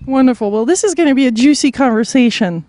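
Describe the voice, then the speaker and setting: A woman's voice: high voice, expressive, fast talker, dark tone. A woman hosting an interview in a bubbly, effusive manner. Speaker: host.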